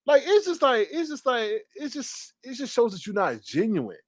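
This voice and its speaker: Male streamer, commentary rant; sassy and quick, mocking impressions; bright high pitch, dry room. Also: dry recording. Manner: animated, sassy, fast-talking with mocking impressions.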